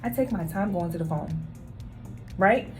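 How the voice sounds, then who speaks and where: Faint music plays behind this woman's lowish, somewhat dark voice as she talks a little slowly. She's a nurse telling stories straight to her audience in a relaxed vlog, stressing things with emphasis and repeated phrases.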